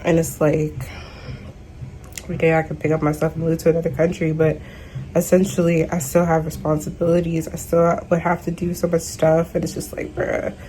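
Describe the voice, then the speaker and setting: A woman's voice: sits low, monotone, a little fast, warm tone, a little hiss or hum, rough recording. Stressed young woman venting on camera. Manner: exasperated, venting, slangy. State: stressed, worn out. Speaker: vlogger. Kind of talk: casual video diary.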